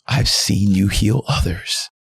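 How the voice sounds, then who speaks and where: A man's voice: on the low side, slow pace, gravelly, slightly rough, no room sound. A man in his thirties, a pastor and podcast guest, telling a personal story in an earnest, heartfelt way. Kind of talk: candid personal testimony.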